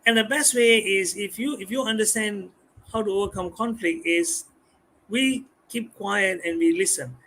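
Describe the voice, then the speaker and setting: A man, a guest speaking on a live stream, animated and repeating words as he explains. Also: high-pitched, normal speed. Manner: animated, acts out customers' voices, repeats words. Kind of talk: live-stream talk on communication skills.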